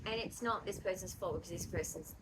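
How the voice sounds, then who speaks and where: A woman's voice: lowish voice, fast. An Australian woman vlogging in casual, reflective chat. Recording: noisy home recording.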